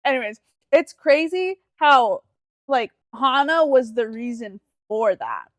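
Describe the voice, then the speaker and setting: Chatty woman with a higher voice, dry sound. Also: big pitch swings, takes it slowly, no echo. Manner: chatty, hesitant, filler-heavy. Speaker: podcast co-host. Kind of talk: casual chat.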